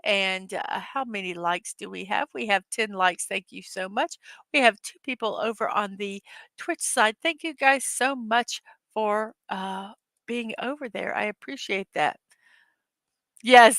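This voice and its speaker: A woman's voice: mid-range voice, bright, forceful tone, no room sound. A woman hosting a casual morning livestream, chatting loosely, giggling often and reading viewer comments aloud. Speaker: livestream host. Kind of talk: casual live-stream chat.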